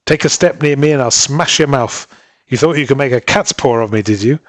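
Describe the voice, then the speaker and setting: A man voicing a rough, boastful drunken sailor who blusters and threatens. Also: medium pitch, fairly quick, no echo, lightly acted. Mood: drunk defiant.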